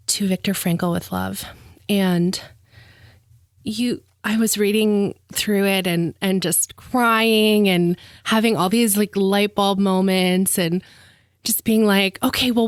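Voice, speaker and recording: A woman's voice: medium pitch, no room sound, clean studio sound. A woman hosting an interview podcast, gushing and emotional, often near tears and laughing. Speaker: podcast host. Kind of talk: heartfelt interview.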